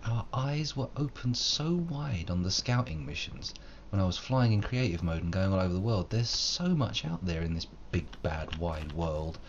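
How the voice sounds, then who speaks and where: Deep-voiced rambling man gaming. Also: animated, normal speed, few pauses, highs cut off, slight background noise. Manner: rambling, wordy and self-mocking, with old-fashioned flourishes. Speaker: game streamer. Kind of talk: live gameplay commentary.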